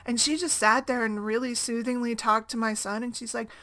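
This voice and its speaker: A woman's voice: on the high side, fairly even intonation, fairly quick, hardly any pauses, fairly bright tone. A woman talking casually to camera as a single-mom blogger, rambling and conversational, often tagging on "right?".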